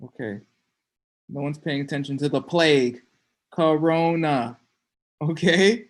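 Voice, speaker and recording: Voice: medium pitch, measured pace. Playful joking teacher checking in often. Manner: playful, joking, frequent "okay?" check-ins. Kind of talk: casual online class lecture.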